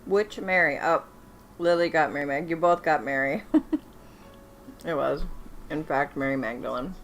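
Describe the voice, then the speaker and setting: A woman hosting a casual livestream Bible quiz, reading multiple-choice questions slowly and chatting between them. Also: low-pitched, soft background music. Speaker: livestream host running a Bible trivia game.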